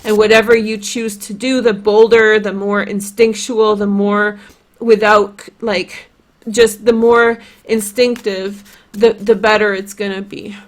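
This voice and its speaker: Polish-accented woman doing a chill tarot reading, rambly and chatty, mid-pitched voice. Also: little pitch movement, measured pace. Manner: chatty, rambling, lots of "like" and "you know". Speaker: tarot reader.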